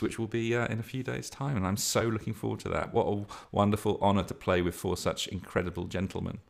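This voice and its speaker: A man's voice: low-pitched, creaky. A man hosting his own podcast, talking casually and at length as a game master, rambling and poking fun at himself. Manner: rambling, self-deprecating, chuckling. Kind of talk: casual solo podcast talk.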